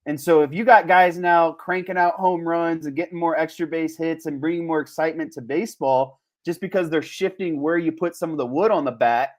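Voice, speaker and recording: A man co-hosting a podcast in casual sports chat, animated and laughing often. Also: fairly high pitch, brisk, hardly any pauses. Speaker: podcast co-host.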